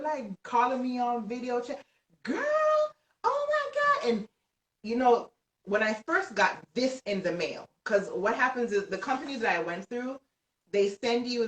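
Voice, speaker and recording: A woman author telling an excited story on a live stream, animated, often laughing and shouting as she tells it. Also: mid-range voice. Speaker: guest author. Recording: roomy, distant from the mic.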